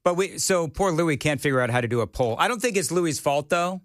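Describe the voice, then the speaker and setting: A man's voice: a little high, lively intonation, fairly quick, fairly bright tone, no echo, clean studio sound. A man hosting a morning talk radio show, opinionated and joking. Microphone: studio mic.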